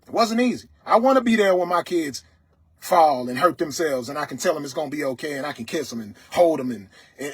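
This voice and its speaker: An adult man on a livestream, speaking loudly and sternly to his viewers as a motivational talk, often asking "you understand me?". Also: a little high, husky. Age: adult, father of several children. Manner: loud, stern, preaching; dialect grammar, repeated "you understand me?". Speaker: livestream host.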